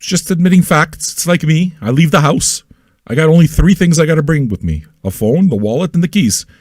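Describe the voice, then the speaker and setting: A man hosting an independent online radio show, ranting crudely and loudly at his listeners and repeating himself as he goes. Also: fairly high pitch, animated, a little fast, no room sound, studio quality. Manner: loud, manic and crude, with yelling and repetition; talks straight at listeners with repeated questions. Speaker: internet radio host. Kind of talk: profane ranting monologue.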